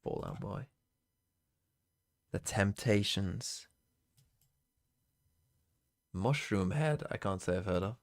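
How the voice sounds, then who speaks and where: Low-voiced man muttering through a stream. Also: lively intonation, slow, long pauses. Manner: muttering to himself, frequent swearing. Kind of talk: casual live-stream commentary.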